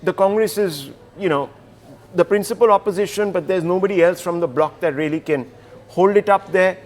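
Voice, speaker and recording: High-voiced male news analyst. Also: darkish tone. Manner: measured, analytical, with fillers. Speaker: consulting editor, studio panelist. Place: television news studio.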